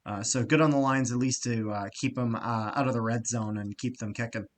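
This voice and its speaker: A man co-hosting a casual sports podcast, talking with lots of fillers, getting loud and excited and swearing freely. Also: mid-range voice, brisk. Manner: frequent fillers and restarts. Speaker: podcast co-host.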